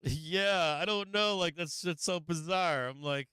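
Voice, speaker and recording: A man's voice: fairly high pitch, unhurried, sharp tone, clean tone, dry recording. A man hosting a live stream, ranting casually with lots of swearing and frequent laughs. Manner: profane, laughing often, rambling.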